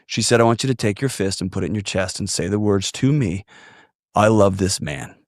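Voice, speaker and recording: Earnest low-voiced man telling a story. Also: fast, no room sound, clean studio sound. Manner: earnest, animated storytelling with shouted quotes. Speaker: podcast guest. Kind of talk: storytelling conversation.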